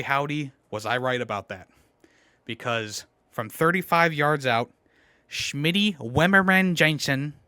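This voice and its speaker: A man giving a casual recap of his team's football game, swearing and ranting as an animated fan. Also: on the high side, no echo.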